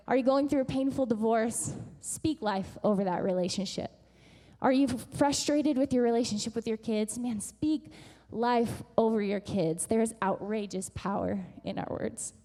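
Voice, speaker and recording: Animated woman pastor in echoing church. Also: on the high side, measured pace. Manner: animated storytelling, acts out voices. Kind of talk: sermon. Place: church sanctuary. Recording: long church hall reverb.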